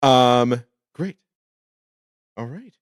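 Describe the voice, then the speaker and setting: A man's voice: medium pitch, extremely slow, clean tone, no room sound, clean studio sound. A man narrating as dungeon master in a tabletop game, hesitant and full of ums.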